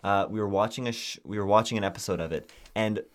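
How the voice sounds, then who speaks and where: A young man co-hosting a podcast, chatting casually and telling animated stories full of fillers. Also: lowish voice, fast talker. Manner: animated storytelling with lots of fillers. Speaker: podcast co-host. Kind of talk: casual chat.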